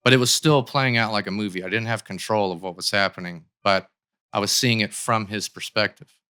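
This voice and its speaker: A man with a slightly low, bright and clear voice tells a story in a casual podcast interview. He talks loosely, full of likes and restarts, into a studio microphone. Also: steady tone, fairly quick. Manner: conversational, with many likes and restarts. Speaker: podcast guest.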